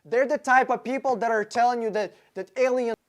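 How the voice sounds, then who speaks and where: A man's voice: extremely high pitch, fairly quick. A man hosting a casual live-stream Q&A, blunt, joking and profane, reading out viewers' names and questions. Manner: talks to viewers by name, with frequent fillers and restarts. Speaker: livestream host answering chat questions about cars.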